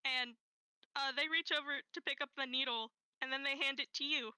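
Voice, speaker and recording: A woman narrating as game master of a tabletop game, gentle and unhurried, with many fillers. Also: high-pitched, steady tone, no room sound, rough recording.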